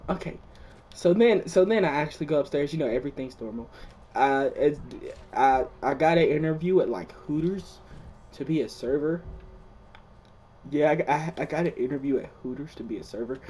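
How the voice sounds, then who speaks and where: A young man casually telling the story of a dream, excitable, swearing often and restarting his sentences. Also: a little high, normal speed, a little hiss or hum. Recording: distant mic.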